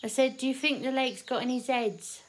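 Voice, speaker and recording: A woman acting a blunt, teasing survivor of a zombie apocalypse in an audio drama, quick with sweary put-downs. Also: high voice, a little hiss or hum, lightly acted. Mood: hushed.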